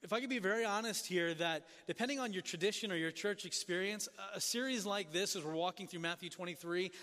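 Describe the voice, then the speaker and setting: Earnest high-voiced male pastor preaching. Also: fast, long reverb tail. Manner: earnest, questioning the congregation, dropping soft and low for emphasis. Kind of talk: sermon.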